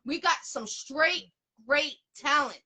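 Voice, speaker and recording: A woman's voice: high-pitched, takes it slowly, sharp tone. A woman from the area, hosting an interview in blunt, profane, emphatic casual talk. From Boston area, USA. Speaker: interview host.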